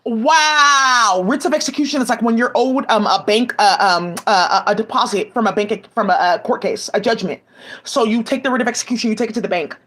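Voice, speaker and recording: A woman's voice: a little high, brisk, a bit bright. A woman giving rambling, profane commentary full of restarts, agitated asides and fillers, speaking into a home mic. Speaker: commentary vlogger.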